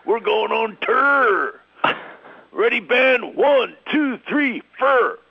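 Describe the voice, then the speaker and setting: Man doing a rock star, hyped count-in shout, very high, Philadelphia accent, dull lo-fi sound. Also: lively intonation, very slow, creaky, breathy edge, heavily acted. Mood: pumped up. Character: rock star man, revved up, calling the band in.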